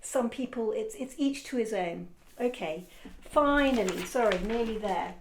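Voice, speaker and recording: A woman's voice: fairly high pitch, expressive, measured pace, slight background noise. Chatty encouraging woman art teacher. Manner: rambling, encouraging, self-correcting. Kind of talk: casual demonstration lesson.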